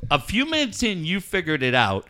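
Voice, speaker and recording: Animated bright-voiced male radio host. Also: a little high, a little fast. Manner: animated, laughing, acts out voices in anecdotes. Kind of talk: casual storytelling chat.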